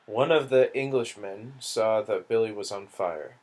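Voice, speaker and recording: A man reading a novel aloud in a slow, deliberate manner. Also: fairly low pitch, a little mellow. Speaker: audiobook reader.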